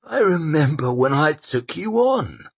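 A man voicing a drunken, blustering old male mercenary with a husky, shrieking, drawn-out delivery. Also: fairly high pitch, sing-song, voice pushed up, heavily acted. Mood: muttering.

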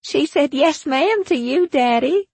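A woman's voice: high-pitched, animated, unhurried, a little mellow, no room sound, voice pushed up. A woman doing a squealing little girl. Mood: eager. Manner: squealing, eager, giggly. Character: chirpy spoiled little girl of four.

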